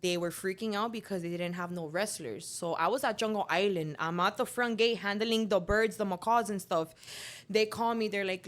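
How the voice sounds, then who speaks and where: Lively young woman. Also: medium pitch, moderate pace. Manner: animated storyteller, acts out quoted dialogue. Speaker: guest, professional alligator wrestler. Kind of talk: casual storytelling in a podcast interview.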